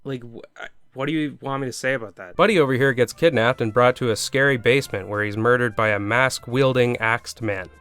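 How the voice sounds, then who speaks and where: A man's voice: mid-range voice, brisk, hardly any pauses, fairly bright tone, clean tone. A man delivering scripted comedic video game commentary, sarcastic and prone to swearing rants. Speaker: gaming video host.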